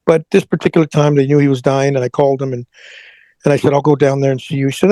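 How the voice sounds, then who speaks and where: A middle-aged man, an interview guest, telling an emotional personal story in a halting way, often repeating words as he goes. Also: medium pitch, dark tone, dry recording, poor audio. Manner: halting, repeats words, prays aloud in retelling.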